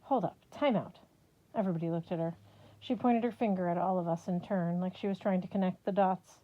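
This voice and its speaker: A woman's voice: lowish voice, steady tone, fast talker, muffled recording. A woman giving a casual, wry first-person storybook narration of an audiobook. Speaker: audiobook reader.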